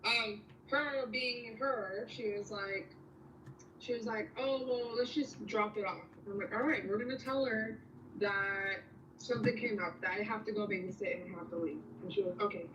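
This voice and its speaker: Bright, echoey young woman telling a story. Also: mid-range voice, normal speed, recorded from a distance, highs cut off, a little hiss or hum. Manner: rambling, slangy, full of fillers and laughs. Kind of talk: casual storytelling chat.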